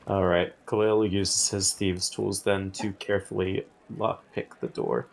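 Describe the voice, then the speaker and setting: A man's voice: low-pitched, expressive, measured pace, creaky. A man playing a tabletop game, describing his character's moves and correcting himself as he goes. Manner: narrates his character's actions, self-correcting. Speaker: player. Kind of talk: casual tabletop role-play.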